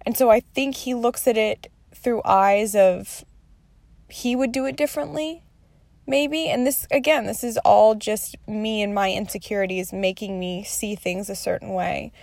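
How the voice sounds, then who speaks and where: A woman's voice: mid-range voice, fairly even intonation, unhurried, creaky, darkish tone, no echo. A woman in her thirties talking candidly through her day in a rambling, confessional vlog, swearing freely. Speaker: mother sharing her day.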